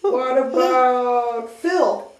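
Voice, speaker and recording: A woman's voice: high-pitched, drawn-out words, distant mic. A woman talking to her toddler in the bath, patiently prompting the child to repeat words. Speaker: parent. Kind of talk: home video chat with a toddler. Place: tiled bathroom. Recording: echoey bathroom, off-mic.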